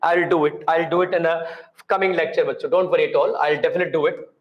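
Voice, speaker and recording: A man with an Indian English accent teaching a chemistry class, energetic and repetitive, coaxing his students to answer. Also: fairly high pitch, fast, roomy sound, muffled recording. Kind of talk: classroom lecture.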